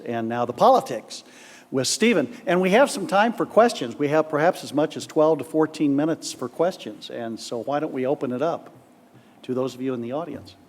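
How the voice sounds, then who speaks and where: A man moderating a panel discussion, brisk and orderly. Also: medium pitch, darkish tone. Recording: reverberant conference hall.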